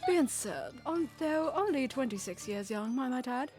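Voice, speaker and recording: A woman's voice: sits high, lively intonation, darkish tone. A woman voicing a flamboyant, vain French museum owner, stumbling through a French accent while reading game dialogue. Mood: theatrical. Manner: halting, fumbling French accent. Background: game music.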